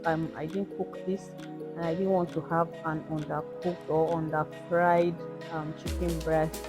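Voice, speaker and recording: A woman talking through a cooking tutorial in a relaxed, chatty way, often repeating herself. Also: low-pitched. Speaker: cooking channel host. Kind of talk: casual cooking tutorial voice-over.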